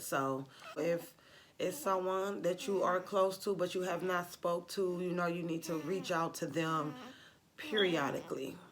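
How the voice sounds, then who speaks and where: Chatty woman vlogger, lowish voice. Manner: chatty, laughs often, acts out quotes of others. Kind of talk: casual chat to camera.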